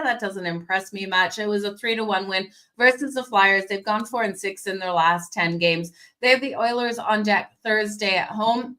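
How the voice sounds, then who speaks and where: A woman hosting a daily hockey betting show, talking straight to her viewers in an energetic, conversational way while losing her voice a little. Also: fairly high pitch. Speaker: sports betting show host.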